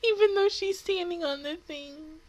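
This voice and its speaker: A woman's voice: extremely high pitch, moderate pace. A woman hosting an anime reaction video, gushing and squealing over her favorite character, tearful and emotional as she talks. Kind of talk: live reaction commentary.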